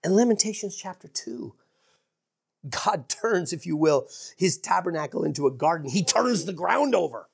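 Husky-voiced woman preaching with lively pitch. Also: moderate pace. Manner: earnest, emphatic preaching with hushed dramatic asides. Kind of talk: sermon.

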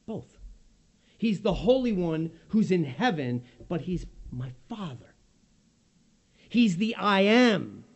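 A man preaching a sermon as pastor, swinging from loud emphasis to hushed, near-whispered lines. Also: high voice, big pitch swings, unhurried.

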